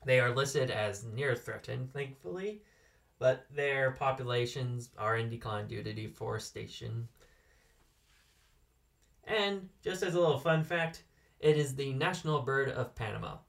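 A man's voice: mid-range voice, animated, a little slow, vocal fry, fairly bright tone, recorded from a distance. A man from California co-hosting a casual podcast and sharing animal facts with dry humor, now and then correcting himself. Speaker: co-host.

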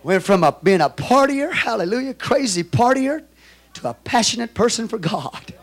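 A man with a Texan accent preaching a sermon as pastor, moving from quiet storytelling to loud, shouted exhortation. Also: very high-pitched, big pitch swings, moderate pace, slight background noise.

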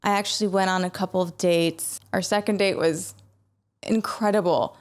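In a lowish, steady voice at a moderate pace, a woman tells a personal story earnestly and with emotion. She often restarts her sentences and laughs softly between thoughts.

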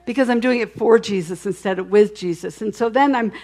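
A woman shares her testimony from the pulpit in a mid-pitched, conversational voice. She tells it candidly, doubling back on her words and adding little asides. Her delivery swings between quiet reflection and emphatic declaration. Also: a little fast. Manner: candid storytelling with frequent restarts and asides. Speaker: speaker sharing a testimony.

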